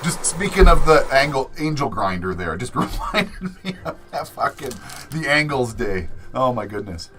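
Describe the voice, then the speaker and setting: A man's voice: medium pitch, big pitch swings, normal speed, fairly bright tone. A man, hosting a livestream in a casual chat, swearing often and laughing through his stories. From Canada. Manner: profane, laughing storyteller. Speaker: livestream host.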